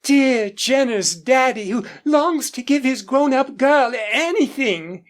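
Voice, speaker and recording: A woman's voice: sits high, animated, a little slow, voice pushed up. A woman doing a playful teenage ranch girl. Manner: playful, coaxing. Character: teasing eighteen-year-old ranch girl, horse-mad. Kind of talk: audiobook character voice.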